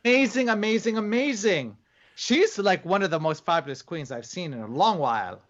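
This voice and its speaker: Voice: medium pitch, lively intonation, moderate pace, muffled recording. A co-host of a casual livestream, gushing and gossipy, talking animatedly.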